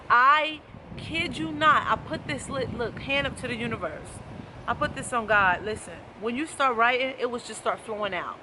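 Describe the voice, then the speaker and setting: A woman's voice: a little high, moderate pace, bright, forceful tone, a little hiss or hum. A woman life coach giving an emphatic, preachy motivational talk to camera, repeating her key phrases.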